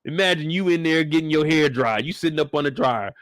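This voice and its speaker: A man's voice: on the high side, brisk, dry recording. A young man, joking his way through a show recap and acting out the characters, with a lot of profanity. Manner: animated, acts out characters, profane. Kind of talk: comedic episode breakdown.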